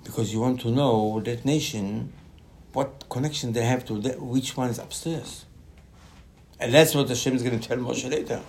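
A man giving a Torah class in animated, non-native English, often repeating his words and jumping up in pitch. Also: normal speed. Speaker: Torah teacher.

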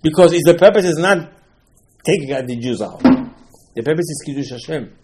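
A man giving a Torah sermon, telling stories and acting out the characters' dialogue. He swings between loud exclamations and hushed asides. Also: a little high, animated, moderate pace, very noisy. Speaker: rabbi giving a Torah class. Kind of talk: animated Torah sermon with storytelling.

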